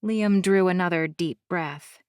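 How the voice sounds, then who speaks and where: A woman narrating a fantasy romance audiobook in the first person, calm, soft and measured. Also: on the low side, clean tone, no room sound, clean studio sound.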